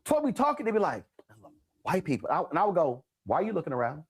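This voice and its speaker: A man from the United States hosting a talk show interview, animated and acting out past conversations as he tells them. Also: high voice, very fast, slightly rough. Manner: animated storyteller, acts out remembered exchanges.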